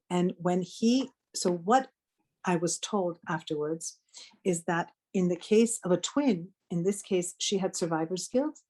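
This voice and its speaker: A woman's voice: on the low side, dark tone. A middle-aged woman, a spiritual healer guest on a podcast, telling a personal story in an earnest conversational way with frequent restarts and self-corrections.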